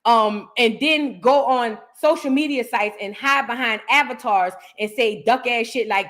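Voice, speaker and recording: A woman's voice: on the high side, measured pace, few pauses, fairly bright tone. An American woman hosting a reaction show, giving heated commentary on viewer comments and repeating her lines for emphasis. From United States.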